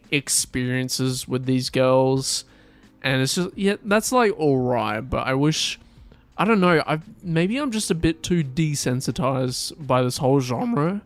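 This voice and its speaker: Smooth-voiced man in relaxed chat. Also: medium pitch. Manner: relaxed, rambling, swears casually. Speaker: podcast co-host. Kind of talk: casual chat.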